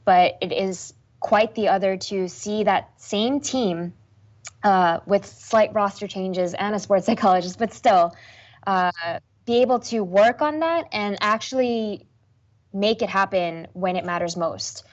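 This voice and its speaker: A young woman esports host answering interview questions in an animated, self-deprecating way. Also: mid-range voice, unhurried, lo-fi sound.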